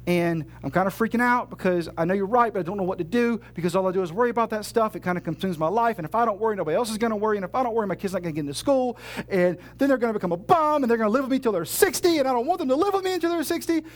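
Man doing a frantic worried churchgoer, high and pleading, rushed, exasperated. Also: lightly acted. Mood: panicky.

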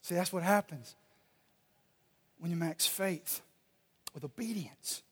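A male pastor preaching a sermon and reading scripture aloud, swinging between loud and soft delivery. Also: high voice, slow pace, husky. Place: church sanctuary. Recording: long reverb of a large hall.

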